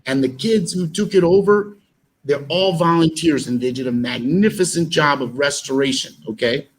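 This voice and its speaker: A man's voice: on the high side, moderate pace, low-quality recording. A man telling stories in an interview, rambling with fillers and restarts. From United States. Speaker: actor and musician guest. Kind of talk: animated storytelling in an interview.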